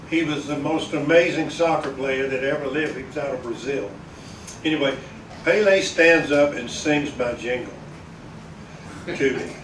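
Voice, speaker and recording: A man's voice: a little high, a little hiss or hum. An older man, a veteran broadcaster telling rambling, chuckling stories to an audience at an event. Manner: chuckling, folksy, meandering with restarts. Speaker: veteran broadcaster giving a speech. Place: large echoey event hall. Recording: echoey hall from far off.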